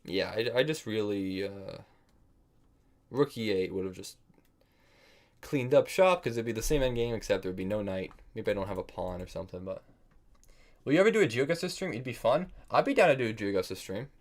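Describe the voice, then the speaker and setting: A man's voice: on the low side, lively intonation, moderate pace. A man from the United States streaming online chess, thinking aloud about his moves, scolding himself for mistakes and bantering with his viewers in a casual style. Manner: thinks aloud, self-critical, chats with viewers. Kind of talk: casual live-stream commentary while playing.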